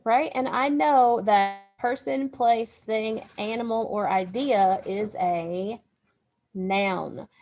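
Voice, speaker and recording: A woman teacher takes a class of young pupils through a grammar lesson at an unhurried pace. She explains each step patiently and asks the children to say the words along with her. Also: mid-range voice, a little mellow. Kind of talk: recorded remote phonics lesson.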